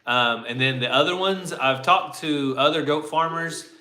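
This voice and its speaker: A man's voice: a little high, normal speed, sharp tone. A man co-hosting a casual farm livestream, easygoing and greeting viewers by name. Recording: echoey room.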